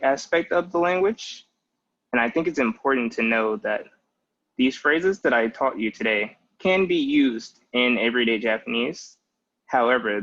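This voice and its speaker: A man's voice: medium pitch, fairly bright tone, lo-fi sound. A young man in his twenties giving a patient, casual language lesson with many "like" fillers. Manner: patient, explanatory, with frequent "like" fillers. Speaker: language teacher.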